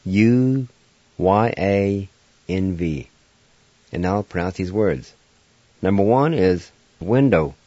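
A man's voice: low voice, animated, slow, long pauses, warm tone, dry recording. A man hosting a radio language lesson, spelling out words letter by letter and repeating each syllable methodically. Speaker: radio host teaching language vocabulary. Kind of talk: slow, patient spelling and pronunciation drill. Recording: dull lo-fi radio recording.

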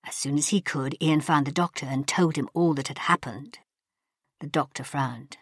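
A woman narrating an audiobook in a measured storytelling manner. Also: deep voice, breathy edge, no room sound, clean studio sound. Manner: measured storytelling, voices characters. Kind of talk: scripted narration.

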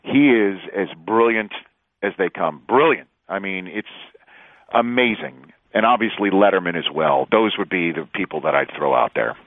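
A man's voice: sits low, normal speed, no room sound. A man, a sports broadcaster, telling stories as a guest in a casual interview, laughing often and acting out quotes. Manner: animated storyteller, laughs often, acts out quotes. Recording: dry, phone-line sound.

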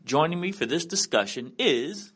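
A man hosting a podcast segment, leading in a lively way with questions. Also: fairly high pitch, normal speed, breathy edge. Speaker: podcast host. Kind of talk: casual chat.

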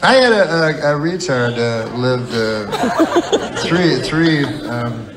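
Deadpan rambling male stand-up comic. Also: mid-range voice, takes it slowly. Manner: deadpan, rambling, mock-earnest with sudden outbursts. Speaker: stand-up comedian. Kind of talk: stand-up comedy set. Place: live comedy venue with laughing audience. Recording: live stage recording with crowd laughter and noise. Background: audience laughter.

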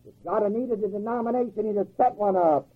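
A man's voice: high voice, quick pace, breathy edge. A man preaching a sermon in a folksy, emphatic way, firing rhetorical questions and chuckling at his own jokes. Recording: tinny phone-like old recording.

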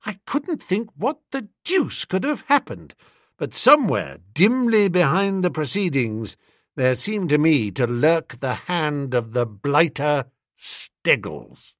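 A man narrating a comic story as an audiobook, in a brisk, animated storytelling manner. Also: a little high, dry recording, studio quality.

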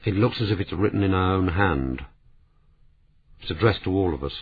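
A man's voice: low voice, lively intonation, normal speed, husky, dry recording, narrow, tinny audio, heavily acted. A man reading a patient grave publisher. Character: calm patient male publisher, gentle and resigned.

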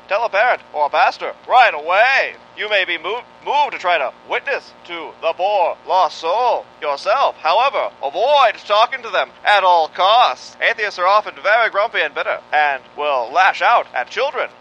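A man voicing a preachy old-time newsreel announcer, bright and high, delivering earnest moral warnings with old-fashioned phrasing. The audio is dull and lo-fi, with a faint hiss underneath. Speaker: podcast host. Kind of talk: 1930s public service announcement parody.

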